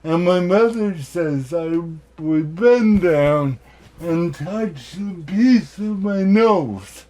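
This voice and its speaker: A man giving a keynote talk, telling personal stories in a deliberate way with self-deprecating humor. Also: high-pitched, animated, dark tone. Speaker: keynote speaker.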